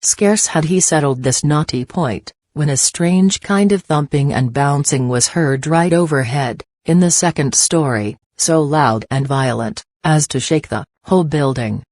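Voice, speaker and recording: Measured male audiobook narrator, dry sound. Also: on the high side, a little mellow, dry recording. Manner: measured, deliberate reading. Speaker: audiobook reader.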